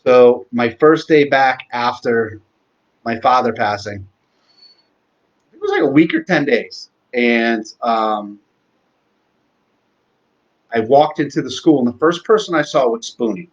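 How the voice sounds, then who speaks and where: Man telling a heartfelt tribute on a dull, lo-fi live stream. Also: mid-range voice. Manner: rambling, heartfelt, swears freely. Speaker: host. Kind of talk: casual live-stream talk.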